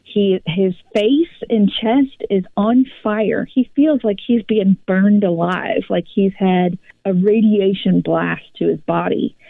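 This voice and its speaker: Gravelly woman telling a story over a phone-like line. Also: mid-range voice, takes it slowly, hardly any pauses, dry recording. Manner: animated, rambling retelling with many restarts. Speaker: podcast co-host. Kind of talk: casual personal storytelling.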